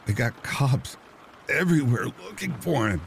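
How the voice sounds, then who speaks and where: Stammering wounded husband, breathless and scared, as a horror narrator puts him on. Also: male voice, mid-range voice, sing-song, moderate pace, gravelly, slight background noise, voice pushed up. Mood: panicked. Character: wounded frightened husband, man.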